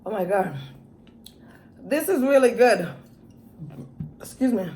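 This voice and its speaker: A woman's voice: medium pitch, animated, slow pace, a little mellow, slight background noise. A young adult woman, a mukbang vlogger, chatting casually while eating, with many savoring hums between her words. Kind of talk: casual eating vlog chat.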